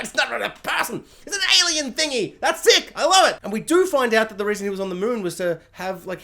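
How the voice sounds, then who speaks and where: Reviewing a TV season in a casual way, this man's voice sits high. He gets excited easily and drops into silly voices when quoting the characters.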